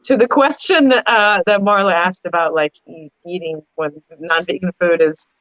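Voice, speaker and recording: A woman's voice: on the low side, moderate pace, a bit bright, no echo, lo-fi sound. A woman talking animatedly in a casual group discussion, telling stories with lots of rises in her voice. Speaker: podcast panelist.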